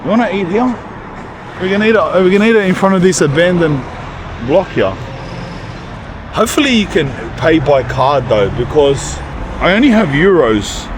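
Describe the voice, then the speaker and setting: A man's voice: high voice, big pitch swings, normal speed, pauses often. Casual vlogger man on a noisy street. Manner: casual slang-heavy chat, calls people bro. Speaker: YouTuber and rapper. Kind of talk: casual travel vlog talk. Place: outdoors in a cold town street. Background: street and traffic sounds.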